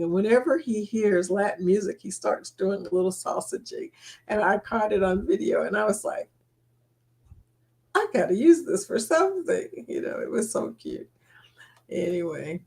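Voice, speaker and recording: A woman chats casually on a live stream. She speaks at an unhurried, easy pace, greeting viewers one by one and breaking into giggles often. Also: medium pitch, a little mellow. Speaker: livestream host. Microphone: laptop mic.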